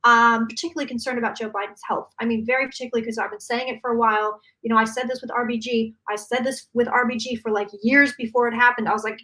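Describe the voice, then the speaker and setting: A woman psychic channeling predictions live, talking fast and emphatically with many restarts. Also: fairly high pitch, fairly even intonation, bright, forceful tone.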